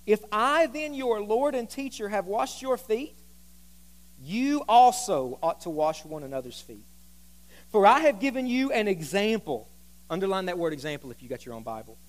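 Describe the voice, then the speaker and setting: A man's voice: sits high, sing-song, moderate pace. A man preaching a sermon as pastor, reading scripture aloud and joking with the congregation on a microphone. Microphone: handheld microphone.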